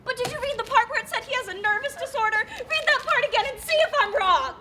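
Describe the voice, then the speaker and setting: A woman's voice: very high-pitched, sing-song, a little fast, sharp tone, a little hiss or hum, exaggerated voice. A woman playing a distraught, pestering woman petitioner in a live stage play, whiny and theatrical, recorded on a school stage. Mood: pleading. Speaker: stage actor.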